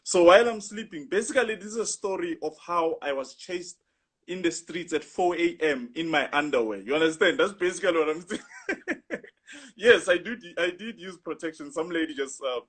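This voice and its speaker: A young man with a husky voice, animatedly telling a rambling story in casual chat, full of "you know". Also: on the high side, a little fast, fairly bright tone. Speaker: guest storyteller.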